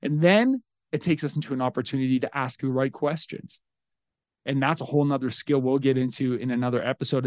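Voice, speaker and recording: A man, a podcast host, giving solo parenting advice in an earnest, coaching way and telling animated stories about his son. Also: medium pitch, creaky, no echo, studio quality. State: getting emotional.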